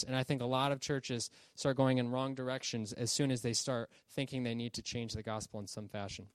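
A mid-range male voice, recorded dry, delivers an informal Bible teaching. He explains conversationally, checking in with listeners through "okay?" and "right?".

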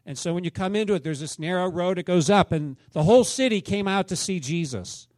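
Higher-voiced male pastor preaching. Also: animated, a little fast, a little mellow, dry recording. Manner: conversational preaching with questions to the congregation. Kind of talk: sermon.

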